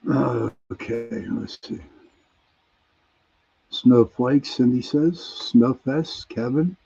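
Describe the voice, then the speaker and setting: A man with a Pittsburgh accent hosts a relaxed radio chat, reading listener messages aloud at an unhurried pace. His voice is gravelly and mellow, slightly husky, and it comes through with a dull, lo-fi sound. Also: mid-range voice. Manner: reads out listener messages, chuckling, easygoing. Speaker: radio show host. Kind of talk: casual call-in chat reading listener answers.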